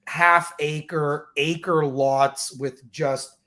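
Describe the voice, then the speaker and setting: A woman's voice: sits low, steady tone, drawn-out words, a bit bright. A woman chats casually on a show, often stumbling and restarting her sentences before she finds her words. Her manner is easygoing and conversational. She speaks in an everyday voice. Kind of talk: casual chat.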